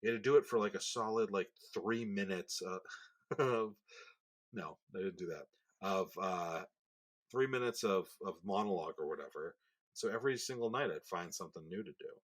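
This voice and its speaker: A man co-hosting a podcast, telling a story in a relaxed, chatty way. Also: deep voice, moderate pace. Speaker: podcast co-host. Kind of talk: casual storytelling.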